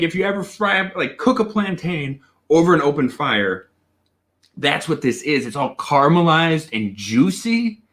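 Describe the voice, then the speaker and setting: A man hosts a casual livestream tasting, his voice bright and ringing and his pitch swinging widely as he reacts. He talks slowly, lingering over his words, and breaks into excited, profane exclamations between answers to his viewers. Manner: reads and answers viewer chat. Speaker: whiskey reviewer and host.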